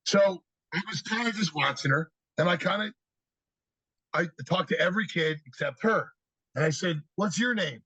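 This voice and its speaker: A man guest on a podcast, telling lively stories about kids and acting out their replies in an energetic, conversational way. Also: high-pitched, moderate pace, slightly rough, no room sound, poor audio. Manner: animated storyteller, acts out kids' answers. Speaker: podcast guest, youth speaker. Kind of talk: storytelling interview talk.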